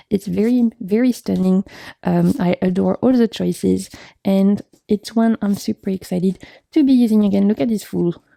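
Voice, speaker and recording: Young woman with a gravelly, dark voice, chatty and gushing over her deck collection. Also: medium pitch, no echo. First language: French. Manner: enthusiastic, gushing, frequent laughs and fillers. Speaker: tarot vlogger. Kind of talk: casual chat showing tarot decks.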